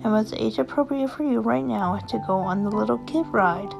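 A woman voicing a gentle young mother who coaxes and soothes her child. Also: mid-range voice, brisk, vocal fry, muffled recording. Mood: soothing. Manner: soothing, coaxing. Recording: music playing behind.

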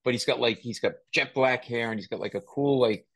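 A man hosting a casual podcast chat, his voice pitched in the middle range. He tells stories with animated energy, laughing often. The sound is dry and close. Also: a little fast, husky, dry recording. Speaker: podcast host.

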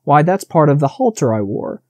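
A man's voice: a little high, sing-song, fairly quick, a little mellow, dry recording, studio quality. A man reading the part of a proud young male deer who boasts about his time with people, in an audiobook. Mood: boastful.

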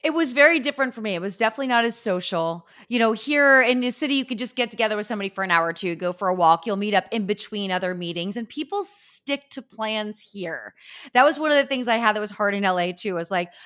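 A middle-aged woman hosting a podcast in casual chat, animated and acting out what people say. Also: mid-range voice, fast. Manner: animated, acts out quoted people. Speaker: podcast host.

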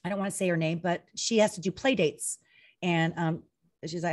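A talkative woman guest in a casual interview, her voice sitting a little low for a woman. She tells stories with plenty of acted-out back-and-forth and leans constantly on "like" and "you know". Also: a little fast. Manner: chatty, animated storytelling full of acted-out quotes; heavy use of "like" and "you know". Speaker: retired pro wrestler guest.

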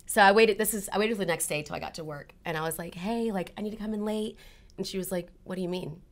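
A woman sits for a casual interview and tells her story at a quick clip. She talks animatedly and slips into the voices of the people she quotes. Her pitch sits in an ordinary middle range. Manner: animated, acts out her own past dialogue. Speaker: actress and interview guest.

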